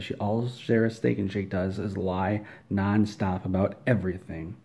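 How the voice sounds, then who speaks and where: Low gravelly man telling a deadpan tale. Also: a little slow, hardly any pauses. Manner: rambling, matter-of-fact, digressive. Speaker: storyteller. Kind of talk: absurd deadpan comic storytelling.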